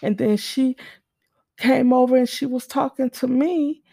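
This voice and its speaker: A woman's voice: high-pitched, unhurried, vocal fry, mellow, no room sound, studio quality. A mother telling a faith testimony in an earnest, storytelling way, often repeating and restarting her words. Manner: earnest, repeats and restarts, acts out quoted voices.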